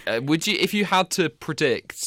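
Lively, bright-voiced man teasing his co-host. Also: a little high, moderate pace, dry recording, studio quality. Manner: teasing, steers the talk with questions. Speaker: podcast host. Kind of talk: casual chat.

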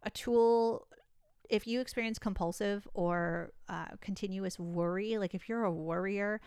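Smooth-voiced woman explaining calmly. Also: mid-range voice, a little slow, no echo, clean studio sound. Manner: explains coping techniques with easy laughter. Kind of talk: casual chat.

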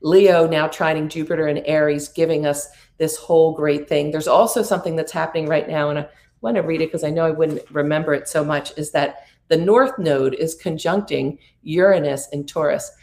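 A woman's voice: deep voice, steady tone, moderate pace, a little mellow. A middle-aged woman giving a spiritual prosperity coaching talk about astrology, speaking in an earnest, soothing way with playful asides.

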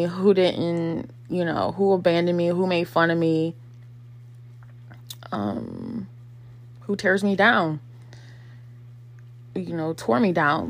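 A woman in her thirties talking casually and reflectively in a personal vlog, full of fillers and acted-out quotes. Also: lowish voice. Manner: conversational, many fillers, acts out quotes. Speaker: vlogger.

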